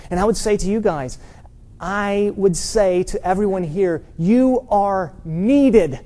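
A man preaching to his congregation with a mellow, warm voice. He speaks with earnest emphasis and pushes his voice up to stress key points. He often drops soft and low to tell a story. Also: steady tone, normal speed. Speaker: pastor. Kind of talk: sermon. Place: church.

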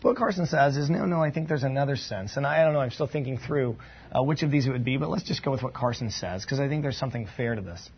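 A man's voice: mid-range voice, quick pace, slightly rough, highs cut off. A man giving an informal Bible lesson, thinking aloud with asides and restarts. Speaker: Bible teacher. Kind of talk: conversational Bible teaching.

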